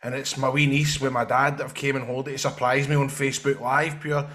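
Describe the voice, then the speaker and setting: A Scottish man tells rambling, sweary anecdotes as a podcast guest. His voice is bright and forceful. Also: mid-range voice, flat delivery, fast. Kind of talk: casual storytelling chat.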